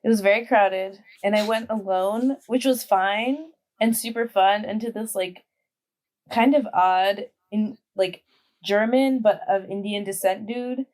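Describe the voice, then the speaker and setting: A woman's voice: medium pitch, unhurried, a little mellow. A young woman in her twenties guesting on a podcast. She rambles through her stories in easy casual chat, leaning on filler words as she goes. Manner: chatty storytelling full of "like" fillers.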